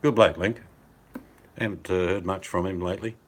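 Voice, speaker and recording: Deep older Australian bloke chatting. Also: male voice, steady tone, normal speed. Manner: laid-back, rambling, blokey banter. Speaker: hangout participant. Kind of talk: casual chat. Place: at home by a fireplace. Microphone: video call on a phone over mobile data.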